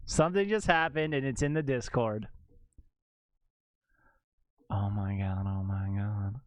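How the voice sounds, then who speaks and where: A man's voice: lowish voice, fairly even intonation, unhurried, pauses often, no room sound, lo-fi sound. A man chatting casually as a streamer, giggling often and swearing freely. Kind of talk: casual chat.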